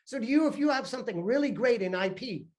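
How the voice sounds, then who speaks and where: An older man delivers a university guest lecture in a lively storytelling way. He often stumbles over his words, repeating them as he builds his point. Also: extremely high pitch, fast talker. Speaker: investment fund founder giving a guest lecture. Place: lecture room.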